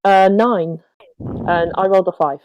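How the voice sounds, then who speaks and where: A woman's voice: mid-range voice, steady tone, a little slow, a little mellow, lo-fi sound, a little hiss or hum. A woman playing a tabletop game in casual chat, hesitant, with many ums and cheerful swearing. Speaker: player.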